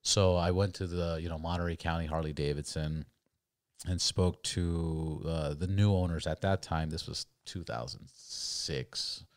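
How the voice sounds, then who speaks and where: A man's voice: sits low, fairly even intonation, a little slow, no echo, studio quality. A man in his forties from California, telling rambling, profane stories as a podcast guest. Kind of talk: casual storytelling.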